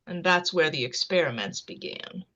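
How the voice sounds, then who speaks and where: A woman from the United States, a scientist and author, talking fast and earnestly as an interview guest on a video call. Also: low voice, animated, a bit bright, dull audio. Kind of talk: casual interview talk.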